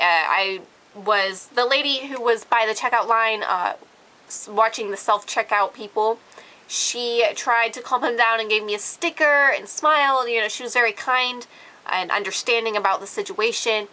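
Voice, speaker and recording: Bright-voiced irritated teenage woman ranting. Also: fairly high pitch, normal speed, rough recording. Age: late teens. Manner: irritated, sarcastic, heavy filler "like". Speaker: vlogger. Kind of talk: casual rant to camera.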